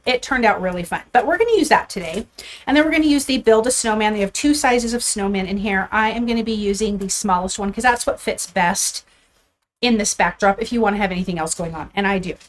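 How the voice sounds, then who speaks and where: A woman hosting a live card-making stream, chatting casually and upbeat with her viewers as she shows her supplies, a little out of breath. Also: mid-range voice. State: a bit out of breath. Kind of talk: casual live crafting chat.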